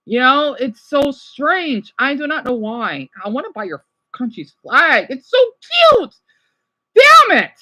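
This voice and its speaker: An excitable woman from the United States hosting a casual livestream, gushing as she reacts and often apologizing. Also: high voice, a little slow, few pauses, rough recording. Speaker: livestream host.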